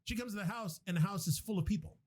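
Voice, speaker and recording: Racing along in a high-pitched, slightly mellow voice, a podcast host recaps a movie plot casually. His telling is rambling and profane, with frequent restarts.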